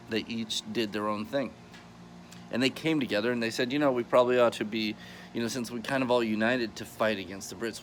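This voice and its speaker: American guy rambling through a history lesson, lowish voice, chuckles a lot, bit of background hiss. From United States. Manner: chatty, rambling, self-correcting with chuckles. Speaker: history channel host. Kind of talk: casual explainer monologue.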